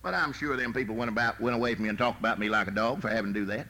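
A man preaching a sermon as pastor, with a folksy manner, rising to shouted emphasis. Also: mid-range voice, racing.

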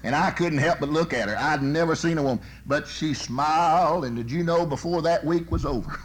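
A man's voice: fairly high pitch, brisk, slight background noise. Folksy preacher man. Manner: folksy storytelling with sudden swings from loud to soft. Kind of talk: sermon.

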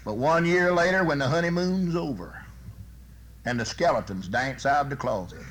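Preacher, male, slightly high voice, folksy, shifts from loud to hushed. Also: animated, normal speed, a little hiss or hum. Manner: folksy storytelling with sudden swings from loud to soft. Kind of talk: sermon.

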